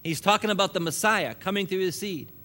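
A male preacher with a bright, forceful voice, pitched a little high for a man. He preaches with humor, laughs between points and drives his emphasis upward. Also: a little fast. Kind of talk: sermon.

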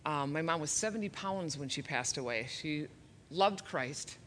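A woman's voice: low-pitched, expressive, moderate pace, a bit bright, slight background noise. A woman in her fifties giving a personal testimony at a church service, earnest and emotional, a little nervous, with flashes of self-deprecating humor. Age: 50s.

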